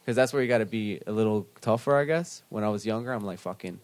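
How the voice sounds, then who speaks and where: A man's voice: fairly low pitch, fast talker, darkish tone, dry recording. A man from Pennsylvania and Brooklyn co-hosting a casual chat, telling rambling stories full of fillers and swearing. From Pennsylvania and Brooklyn, USA. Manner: loose storyteller, filler-heavy, swears.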